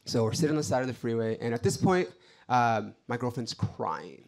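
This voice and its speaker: Male stand-up comic, exasperated storytelling, animated, loud bursts. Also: mid-range voice, fairly quick, gravelly. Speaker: stand-up comedian. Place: stage before a live audience.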